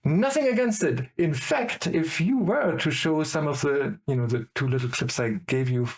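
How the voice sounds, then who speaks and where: A middle-aged man with a German accent, a guest in casual chat who rambles excitedly from tangent to tangent. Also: on the high side, normal speed.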